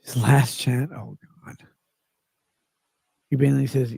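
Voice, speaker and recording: A man reads his livestream chat aloud with a gravelly, husky voice, drifting into loose, drunken tangents and swearing freely. He sits a touch high for a man's voice, and the sound is dry and close. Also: lively intonation, measured pace, pauses often, no echo. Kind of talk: rambling livestream chat reading.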